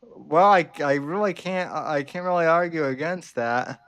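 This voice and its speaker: A man hosting a podcast, teasing his co-host in dry, halting casual banter. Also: fairly high pitch, a bit bright, clear, resonant tone.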